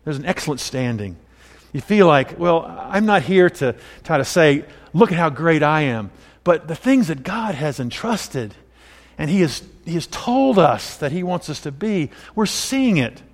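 A man's voice: on the high side, big pitch swings, unhurried, long reverb tail. A man pastor giving a conversational sermon, mixing scripture with personal stories. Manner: conversational preaching with personal anecdotes.

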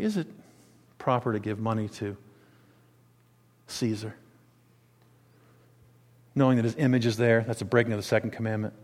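A man preaching a sermon, swinging between quiet, low asides and loud, emphatic declarations. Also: long reverb tail.

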